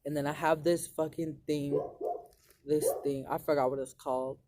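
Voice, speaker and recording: A man's voice: a little high, fairly even intonation, moderate pace, darkish tone, dry recording. A young man telling a long personal story to his viewers in a rambling, profane way, full of "like" fillers. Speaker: vlogger. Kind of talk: casual storytelling to camera.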